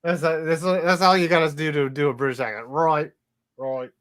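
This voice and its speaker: A man's voice: a little high, fast talker, a bit bright. Casual, joking sports-podcast man. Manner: loose, swearing, jokey asides. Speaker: podcast co-host reading listener comments.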